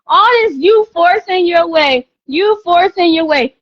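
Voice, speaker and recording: A woman's voice: extremely high pitch, lively intonation, unhurried, few pauses, no room sound, muffled recording. A woman live-streaming a heated rant, confrontational and profane, hammering her points by repeating them.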